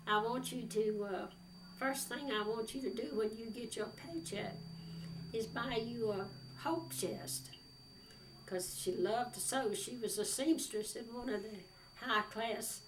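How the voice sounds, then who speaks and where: Older woman reminiscing, heard from afar. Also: on the high side. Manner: rambling, folksy, frequent "uh" and "you know". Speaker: oral history interviewee. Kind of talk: storytelling reminiscence. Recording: distant mic with faint background noise.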